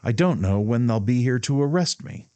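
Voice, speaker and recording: A man voicing a spirited young woman who teases gently in a light, raised voice. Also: mid-range voice, expressive, moderate pace, no room sound, voice pushed up, close to an everyday voice. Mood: teasing.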